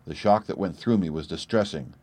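A man narrating an audiobook in the first person, wry and expressive, and animated when he voices his own character's lines. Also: sits low, a little fast, no room sound.

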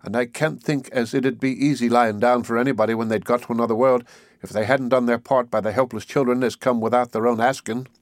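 A man's voice: medium pitch, fairly even intonation, fairly quick, no room sound, clean studio sound, close to an everyday voice. A man reading an audiobook, voicing a kindly, talkative middle-aged village housewife in a homely, earnest way. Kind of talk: audiobook character voice.

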